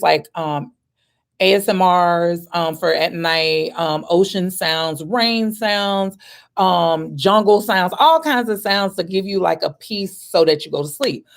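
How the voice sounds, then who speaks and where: Chatty woman in her forties. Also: lowish voice. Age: 40s. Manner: chatty and candid, laughs easily, pauses with ums; gives herself a pep talk with "girl" and "baby". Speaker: vlogger answering questions. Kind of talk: casual chat.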